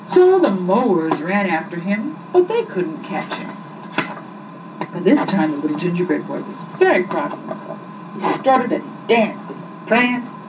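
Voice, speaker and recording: A woman reads a children's story aloud with lively expression, her pitch swinging up and down. She sounds far from the mic. The recording is muffled and has loud background hiss.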